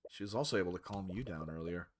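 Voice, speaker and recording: A man's voice: sits low, quick pace, slight background noise. A man playing a visual novel, reading the story aloud, voicing its characters and chatting about it between lines. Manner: animated, switches between character voices. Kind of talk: reading a game aloud with commentary.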